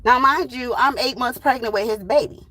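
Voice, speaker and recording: A woman's voice: fairly high pitch, moderate pace, fairly bright tone, no echo, low-quality recording. Blunt, profane woman telling a story. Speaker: tarot channel host. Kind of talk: casual storytime.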